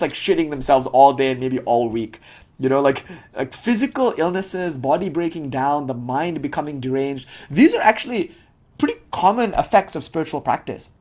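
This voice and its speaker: A man leads a loose, conversational spiritual talk for his students. He talks quickly and his voice has a husky edge. He keeps dropping in "like" and laughs often. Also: a little high, darkish tone. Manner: casual, heavy with filler "like", frequent laughter. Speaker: spiritual teacher. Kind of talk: informal dharma talk to students.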